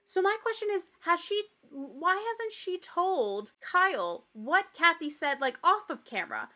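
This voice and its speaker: A woman's voice: extremely high pitch, very animated, unhurried, sharp tone. A young adult woman hosting a podcast that recaps a reality TV show. She talks bluntly, swears freely, and mimics the people she quotes. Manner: opinionated, blunt and profane. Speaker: podcast host.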